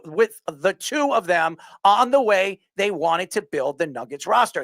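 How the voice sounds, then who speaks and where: A man's voice: high voice, creaky, no room sound, studio quality. A man from New York hosting a sports talk show, rambling with blunt opinions and repeated words.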